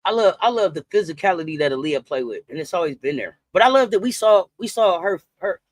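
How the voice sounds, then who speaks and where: Animated high-voiced man hosting sports chat. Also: fast talker, dry recording. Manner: animated, slangy, greets and reads live chat comments. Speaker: sports talk host. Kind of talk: casual livestream sports chat.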